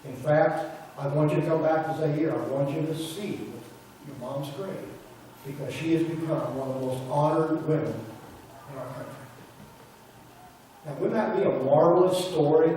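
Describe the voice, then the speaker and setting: Male pastor, storytelling sermon, mellow tone, heard from afar in a reverberant sanctuary. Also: fairly high pitch, normal speed, a little hiss or hum. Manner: retells a story, quoting the people in it. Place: church sanctuary. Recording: roomy church audio from a distance.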